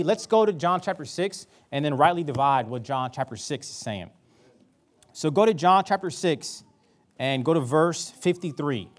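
A male preacher with a somewhat raised voice delivers a sermon. He reads scripture passages aloud and breaks off to comment on them pointedly, speaking into a close mic. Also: a little high. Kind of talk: sermon with Bible reading.

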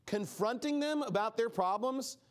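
His voice is very high-pitched and moves at a moderate pace as he gives an informal Bible study talk. Lively and casual, he impersonates the speakers he quotes and leans on "like" as a filler.

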